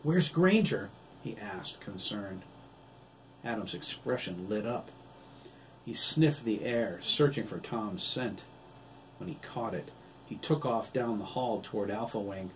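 A man, the author, reading his own novel aloud in a steady, even storytelling delivery. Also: on the low side, measured pace. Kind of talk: audiobook narration. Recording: distant mic with faint background noise.

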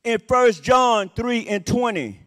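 A man's voice: very high voice, lively intonation, slow pace, a bit bright. A man preaching a sermon as associate pastor, repeating his points with emphasis and breaking in with "Amen" and "Praise the Lord.". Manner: repetitive emphatic phrasing. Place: church sanctuary. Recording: long reverb of a church hall.

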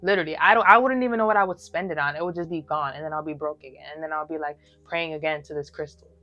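A young woman with a low voice tells her testimony in an earnest, emphatic, casual way, speaking straight to the viewer. The audio is slightly dull and lo-fi, with soft music underneath. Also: very fast. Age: early 20s. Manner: emphatic, talks straight to viewers with many fillers. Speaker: vlogger sharing her testimony.

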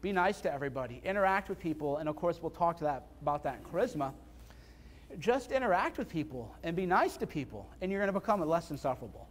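High-voiced man giving a seminar talk. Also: expressive, quick pace. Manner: casual, blunt, repetitive emphasis. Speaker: seminar speaker. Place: seminar room before an audience.

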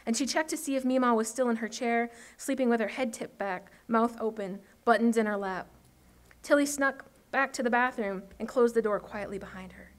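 A woman reading her own fiction at an open mic night, calm and measured. Her voice sits a little high for a woman and moves at an even storytelling pace.

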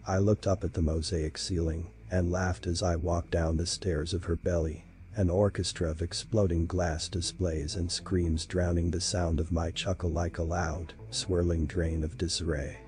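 A man reading a horror story in a slow, measured, dramatic style. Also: deep voice, warm tone. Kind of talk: scripted horror narration.

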